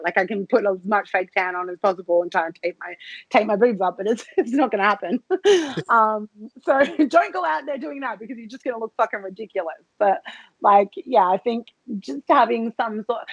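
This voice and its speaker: Giggly, low-voiced woman guest. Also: slightly rough, no echo, highs cut off. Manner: giggly, laughs often mid-sentence; hesitant, many fillers and restarts. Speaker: podcast guest, cam model. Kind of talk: casual interview chat.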